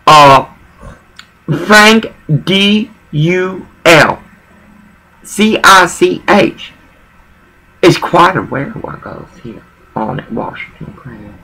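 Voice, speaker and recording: A woman's voice: on the low side, lively intonation, slow, creaky, long pauses, pushed and bright, husky, poor audio. A woman talking in a rambling personal monologue, emotional and digressive, often repeating herself.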